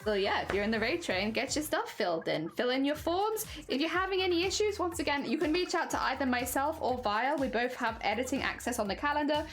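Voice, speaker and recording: British woman, high-pitched, giggly, casual live-stream chat, soft music behind. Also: expressive, fast talker, few pauses. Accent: British English. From Britain. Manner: chatty, giggly, playful, reads chat aloud.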